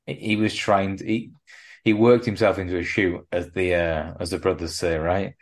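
Deep-voiced man, jokey podcast co-host. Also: steady tone. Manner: rambling, jokey, quick asides. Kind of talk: casual chat.

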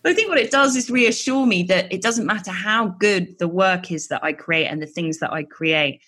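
A woman's voice: mid-range voice, expressive, moderate pace, a bit bright. A woman in her thirties, a writer being interviewed, speaking in a chatty, frank and self-deprecating way. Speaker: guest, writer and podcaster. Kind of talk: candid interview talk.

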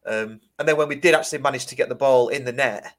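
A man, hosting a fan podcast in casual chat and telling stories in an animated way. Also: mid-range voice, quick pace. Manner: chatty, animated storyteller with restarts. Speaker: podcast host.

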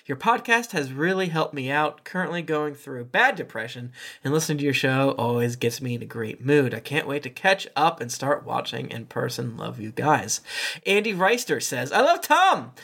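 A man's voice: medium pitch, sing-song, moderate pace, vocal fry, bright, forceful tone. A man hosting a podcast, casually reading listener reviews aloud with chuckles and playful asides.

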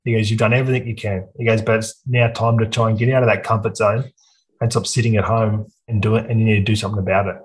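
A man's voice: fairly low pitch, flat delivery, fast, low-quality recording. Sweary Australian man telling his story. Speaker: podcast guest. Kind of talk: casual conversation.

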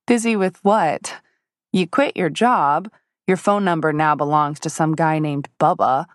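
A woman's voice: deep voice, measured pace, no echo, studio quality. A woman narrator voicing a determined, stubborn young woman who talks insistently and raises her voice. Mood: exasperated.

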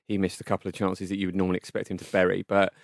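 A man co-hosting a football podcast, wry and quick with dry humour. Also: sits low, completely flat delivery, vocal fry, no room sound. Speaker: podcast co-host. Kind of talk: casual chat.

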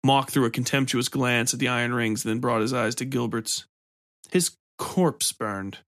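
A man's voice: mid-range voice, level tone, brisk, fairly bright tone, dry recording. Man with a dry, close story narration. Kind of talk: scripted narration.

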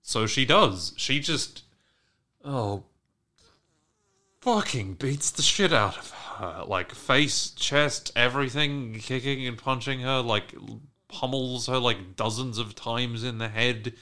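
A man hosting a podcast, recapping a TV episode in casual, profane chat and acting out the characters' lines with animated swings. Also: mid-range voice, slow. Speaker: podcast host recapping a TV show.

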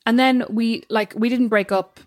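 A woman chatting casually as a podcast co-host, telling animated stories and acting out quotes. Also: fairly high pitch, moderate pace, dry recording, studio quality. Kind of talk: casual chat.

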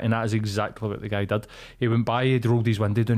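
A man's voice: lowish voice, little pitch movement, fast. A young Scottish man co-hosting a podcast, telling a sweary road-rage story in casual chat and acting out the voices. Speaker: podcast co-host.

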